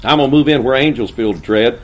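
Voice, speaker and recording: A man preaching a sermon, swinging between hushed, intimate asides and loud, emphatic declarations. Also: medium pitch, fast, rough recording. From United States. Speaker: pastor.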